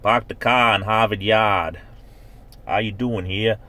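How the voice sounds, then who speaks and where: A man's voice: lowish voice, fairly even intonation, unhurried, sharp tone. A man doing a brash Boston man with a thick Boston accent, drawing out his vowels in a hearty greeting.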